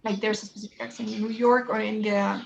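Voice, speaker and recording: Chatty woman teacher, gravelly voice. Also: mid-range voice, little pitch movement, quick pace, muffled recording, a little hiss or hum. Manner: chatty, explains with many "right?" and "you know?". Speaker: English teacher. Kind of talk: one-on-one English lesson.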